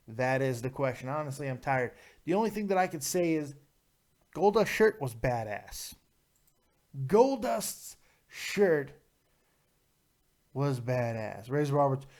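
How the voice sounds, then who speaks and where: Brash, profane man hosting a call-in review. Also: fairly high pitch. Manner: profane, brash, mocking chat reader. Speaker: show host reviewing wrestling. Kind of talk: live call-in review show.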